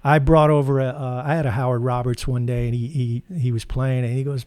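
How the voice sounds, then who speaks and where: A man's voice: medium pitch, level tone, fairly quick, hardly any pauses, a little mellow, no echo. A man hosting a guitar channel, casually telling rambling anecdotes full of fillers. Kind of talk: casual storytelling.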